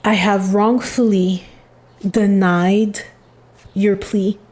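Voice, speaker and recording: A woman voices a penitent family member who comes through in a channeled spiritual reading, full of regret. The delivery is slow and heavy, with long halting pauses. The pitch sits in a moderate middle range. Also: little pitch movement, a little mellow. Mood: remorseful. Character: remorseful family member pleading for forgiveness.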